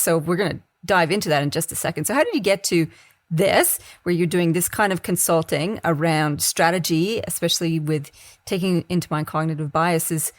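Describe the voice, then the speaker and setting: Australian woman host, eager and chatty, low voice, close dry recording. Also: dry recording. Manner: enthusiastic, laughs often. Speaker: podcast host. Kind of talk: casual podcast interview. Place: Canberra.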